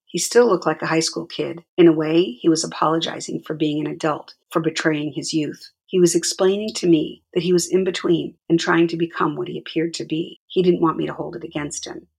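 A woman narrating her own memoir in a quiet, measured way. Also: sits low, steady tone, vocal fry, breathy edge. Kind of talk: reading a memoir aloud.

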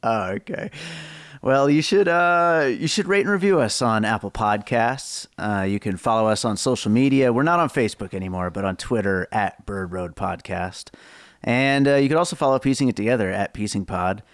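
A man hosting a podcast in casual chat, modest and quick to laugh. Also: lowish voice, dry recording, clean studio sound. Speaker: podcast host.

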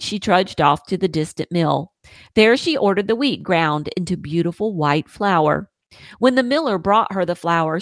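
A woman podcast host reading a children's story aloud in an expressive, sing-song way. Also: on the low side, dry recording.

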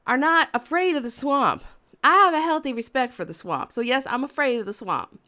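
A woman telling a comic story in an animated, dramatic way, acting out her own panic. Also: high voice.

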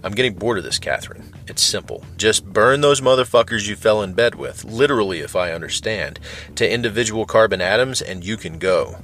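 A man's voice: on the low side, a little fast, fairly bright tone, close to an everyday voice. A man voicing a cruel, mocking male captor who taunts his prisoner in a cold, threatening way. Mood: menacing.

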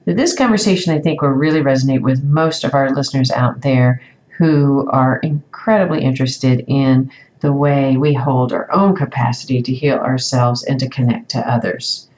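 A woman's voice: rumbling low, moderate pace, a little mellow, dull audio. A woman reading a scripted introduction to a podcast episode.

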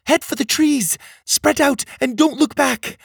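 A man's voice: extremely high pitch, very animated, moderate pace, gravelly, no room sound, studio quality, voice pushed up, heavily acted. A man voicing a small mechanical female creature with a squealing voice, frantic and bossy as she herds everyone to safety. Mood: urgent.

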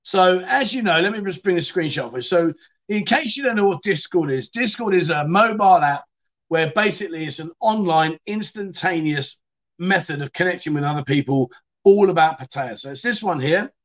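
A man's voice: high voice, animated, moderate pace, fairly bright tone. A man hosting a casual livestream chat show, reading out viewer stories and telling his own in a chatty, cheeky way. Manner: chatty, cheeky storyteller who laughs as he goes.

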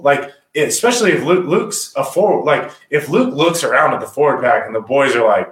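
A man and former rugby captain, breaking down rugby play in casual podcast talk and acting out players' voices with energy. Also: mid-range voice. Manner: animated, acts out players' talk in quick voices. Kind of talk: casual sports podcast analysis. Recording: roomy echo.

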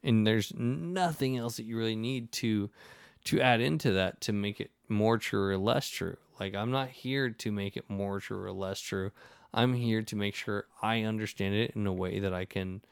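A man with a fairly low voice, talking in a loose, rambling way that is full of restarts. He acts out the people in his anecdotes as he goes. The sound is dry and close, with no room around it. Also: moderate pace, creaky, clean tone, no echo. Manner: rambling, animated storytelling with many restarts. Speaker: podcast host. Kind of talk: casual conversation.

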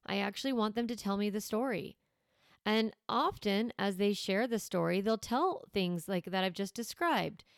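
A woman's voice: medium pitch, animated, normal speed, vocal fry, dry recording, studio quality. A woman in her thirties, a parenting coach, talking casually to listeners and acting out firm voices in quotes. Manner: warm conversational, acts out firm voices in quotes.

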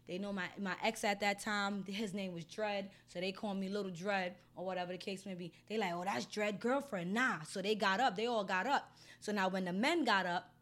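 A woman telling her own story casually, in a blunt, heated and heavily profane way. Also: mid-range voice. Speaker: storyteller recounting an assault.

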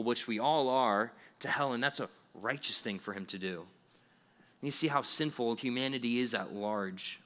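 A young adult man preaching a casual, animated sermon with conversational asides and playful acted-out voices. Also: medium pitch.

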